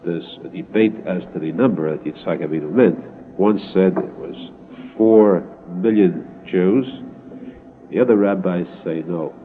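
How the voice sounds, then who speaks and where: A man giving an earnest Torah lesson, retelling a story slowly with repeated phrases. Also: a little hiss or hum. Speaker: religious teacher. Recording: tinny phone-like low-fi recording.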